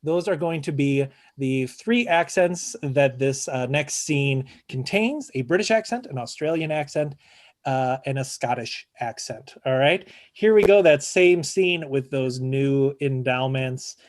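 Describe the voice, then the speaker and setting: A man's voice: medium pitch, expressive, measured pace. A man hosting an improv comedy show, upbeat and laughing often.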